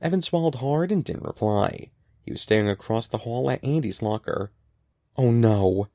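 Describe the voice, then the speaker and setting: A man narrates a children's storybook with a gravelly, mellow voice whose pitch rises and falls a lot. The sound is dry and close, with no room around it. His reading is lively and expressive. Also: normal speed, dry recording. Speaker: audiobook narrator.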